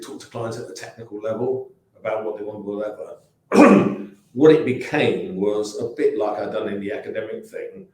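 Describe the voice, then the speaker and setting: A man's voice: fairly low pitch, a little mellow. Echoey English man in his sixties, rambling. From England. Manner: rambling anecdotes, frequent restarts and asides. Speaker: company founder guest. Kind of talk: casual interview talk. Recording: very echoey room.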